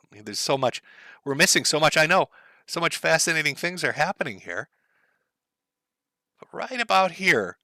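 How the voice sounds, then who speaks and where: A man's voice: fairly high pitch, vocal fry, sharp tone, dry recording. A man streaming live, giving profane, mocking commentary over clips.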